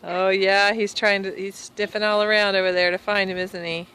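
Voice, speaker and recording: A woman's voice: mid-range voice, little pitch movement, normal speed, a bit bright. A young woman, a mother, narrating a casual family vlog in a chatty, rambling way with fillers. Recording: echoey with faint background noise.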